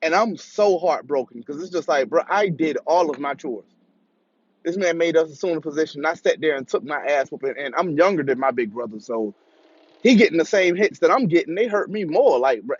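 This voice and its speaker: A man's voice: high-pitched, husky, dry recording. A man telling a casual, profane story as a monologue and acting out the voices he quotes. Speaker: vlogger. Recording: dull lo-fi dry recording.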